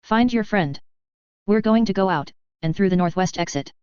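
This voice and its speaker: A woman's voice: mid-range voice, expressive, moderate pace, darkish tone, smooth, no echo, lightly acted. A woman reading the part of a brash, slangy, swearing male British army sergeant. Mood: cocky. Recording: dry, slightly dull home recording.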